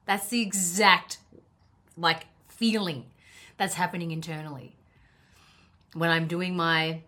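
A woman's voice: on the low side, fairly even intonation, slow pace, bright, forceful tone. A woman with an Australian accent, a coach talking candidly in a casual monologue, swearing freely and laughing at herself. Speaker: life coach.

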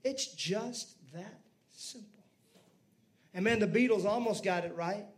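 A man preaching a sermon as pastor, lively, with asides to the congregation. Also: high-pitched, unhurried.

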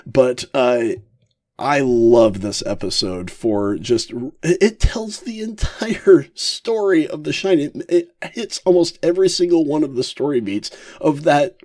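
A man hosting a casual podcast, ranking favorite episodes with frequent chuckles and halting fillers. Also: fairly high pitch, expressive, a little mellow, no echo, clean studio sound. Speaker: podcast host.

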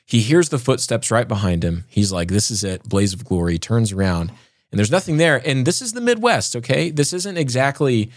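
A man's voice: mid-range voice, very animated, normal speed, dry recording, studio quality. A man co-hosting a podcast, reading a scripted eerie story and then chatting and joking with his co-host. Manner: dramatic storytelling, joking banter. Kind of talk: scripted narration then casual chat.

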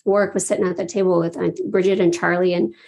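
Woman, husky, casual storytelling, emotional, laughs often. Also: on the low side, flat delivery, quick pace, darkish tone. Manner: emotional, laughs often, acts out her own reactions. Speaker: event participant sharing her story.

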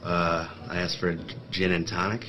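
A man's voice: deep voice, flat delivery, normal speed, lightly acted. An actor playing a hesitant, puzzled male customer at a bar in a comedy skit clip. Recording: dull lo-fi clip over faint music.

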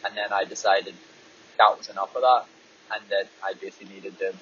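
A man's voice: low voice, steady tone, fairly quick, fairly bright tone. A man, a runner, talking candidly in a casual rambling monologue while driving a small car, swearing freely. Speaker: distance runner and podcast host. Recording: dull audio, faint road noise.

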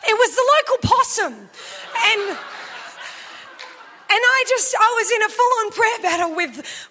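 A woman in her thirties preaching a sermon, telling a lively personal story and shouting as she acts it out. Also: extremely high pitch.

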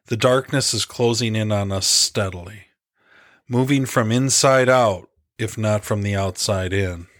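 A man narrating a devotional story in an earnest, reflective, measured way. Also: fairly low pitch, no room sound, studio quality. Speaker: preacher.

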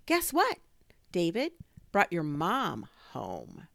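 A woman voicing an excited young boy in a storybook reading, eagerly passing on news. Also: fairly low pitch, moderate pace, no room sound, studio quality, pitched above the performer's own voice. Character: chirpy young boy, excited neighbor kid.

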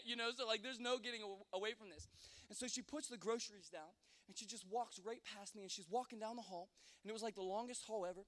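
A man with a very high voice tells an animated, comic personal story to a listening audience. He rambles, stumbles over restarts and leans on fillers. Long reverb from a large hall trails every line. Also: quick pace.

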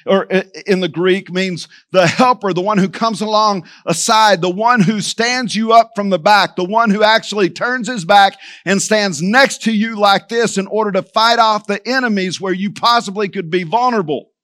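A male pastor giving a sermon in a conversational, animated way, often turning to the congregation as church and quoting scripture. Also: sits high, a little slow, dry recording, clean studio sound. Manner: animated, quotes scripture in changing voices.

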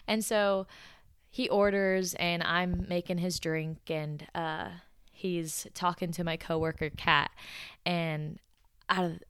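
A young American woman hosting a podcast, telling stories in a chatty, animated way and laughing along with them. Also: on the low side, measured pace, smooth, dry recording, clean studio sound. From United States. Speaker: podcast host. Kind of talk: storytelling podcast.

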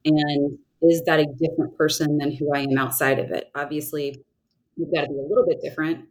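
A woman's voice: sits low, a little mellow, poor audio. A woman in her thirties from the Southern United States, a trial lawyer speaking thoughtfully and earnestly as a podcast guest, often restarting her sentences. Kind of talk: reflective conversational interview answers.

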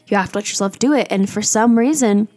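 A woman's voice: medium pitch, quick pace, dark tone. A young woman hosting a podcast, talking candidly and confessionally in a rambling way, with many "like"s. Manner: rambling and confessional, heavy use of "like". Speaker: podcast host. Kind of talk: candid personal podcast monologue.

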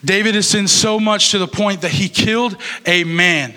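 A young man gives a youth sermon in an easygoing, conversational way, stumbling over a word here and there. His voice sits a little high and sounds bright and forward. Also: moderate pace. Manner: casual, conversational preaching with fillers. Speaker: youth pastor.

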